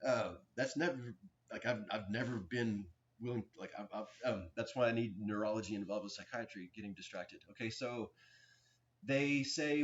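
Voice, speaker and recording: Halting, agitated man, lo-fi recording. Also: lowish voice. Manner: halting, with frequent restarts and fillers. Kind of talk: rambling personal account to camera. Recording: dull lo-fi recording.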